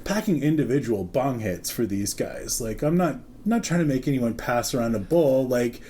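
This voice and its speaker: A man's voice: mid-range voice, lively intonation, normal speed, warm tone, a little hiss or hum. A young man hosting a podcast, telling a profane, laughing story in casual chat and acting out the people in it. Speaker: podcast host.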